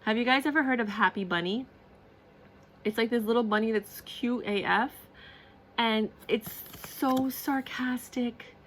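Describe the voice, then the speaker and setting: A woman's voice: on the high side, measured pace, a bit bright, a little hiss or hum. A woman reviewing a card deck on camera in a casual, gushing way, repeating herself and laughing often. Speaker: tarot and oracle deck reviewer.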